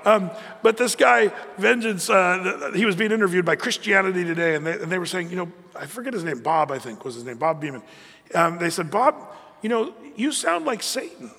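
A middle-aged male pastor delivers a loose, conversational sermon in a high-pitched voice. He restarts his sentences often and keeps the energy animated. The recording carries the long reverb of a church hall. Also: brisk, creaky.

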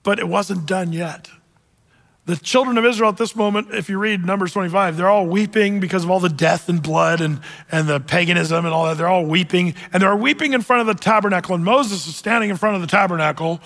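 Brief: high-pitched male preacher, lively storyteller, long hall echo. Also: a little fast. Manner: storytelling, jokey asides, acts out voices. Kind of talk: sermon.

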